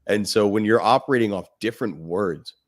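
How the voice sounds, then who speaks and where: A man's voice: lowish voice, a little fast. A man co-hosting a podcast in a casual, reflective way, using "you know" as he talks. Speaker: podcast co-host.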